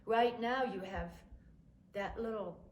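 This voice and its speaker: A giddy young Italian fiancée gushes breathlessly, as a woman storyteller puts her on. The voice rides high and excited. It echoes around a room and sits back from the mic, with a faint hiss underneath. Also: slow pace, far from the mic. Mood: incredulous.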